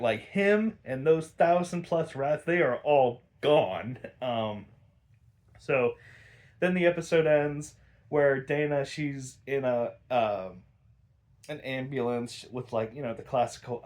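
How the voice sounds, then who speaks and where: A young man talks through a cartoon episode in a loose, rambling way at an ordinary mid pitch. He swears freely, sighs often and fills gaps with "um" and "like", sounding exasperated. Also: a little slow, darkish tone. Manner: sighs a lot, frequent fillers. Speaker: episode reviewer. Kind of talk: casual review chat.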